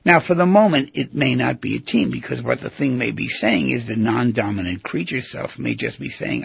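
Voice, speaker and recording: Gravelly, raspy man coaching self-dialogue. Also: medium pitch, normal speed, hardly any pauses, no room sound. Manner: earnest, coaching, animated. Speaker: self-help teacher. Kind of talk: guided instruction. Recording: dull lo-fi recording.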